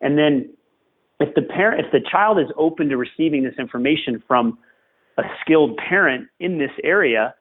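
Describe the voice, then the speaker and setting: A man's voice: fairly high pitch, animated, normal speed. A man, a tennis coach, giving earnest and emphatic advice as a podcast guest, repeating phrases for stress. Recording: tinny phone-like remote line.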